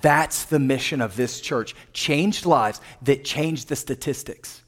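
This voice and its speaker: A man preaching a live sermon as pastor to his congregation, impassioned and building to emphatic shouts, with joking asides to the crowd. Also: medium pitch, slow pace. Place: church sanctuary with congregation.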